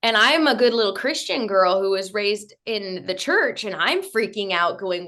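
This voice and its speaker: Candid, animated woman telling her story. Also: mid-range voice, moderate pace, hardly any pauses. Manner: candid, animated storyteller who acts out her own past thoughts. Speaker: podcast guest. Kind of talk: interview storytelling.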